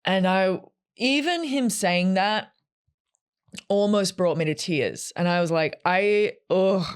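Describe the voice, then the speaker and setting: A woman in her thirties telling a personal story to camera in a chatty, animated way, acting out what people said. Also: on the low side, a little slow, smooth, dry recording, clean studio sound. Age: 30s. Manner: chatty and animated, acts out quotes. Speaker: vlogger.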